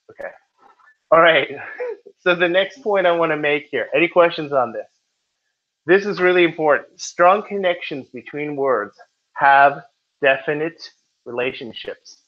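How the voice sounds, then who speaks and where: A male test prep teacher giving a casual classroom lecture who keeps checking in with his students. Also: fairly high pitch. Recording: dull lo-fi recording.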